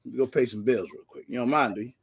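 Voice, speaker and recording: A man hosting a casual livestream, giving energetic slangy shout-outs to viewers by name. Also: mid-range voice, very fast, slightly rough. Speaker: livestream host.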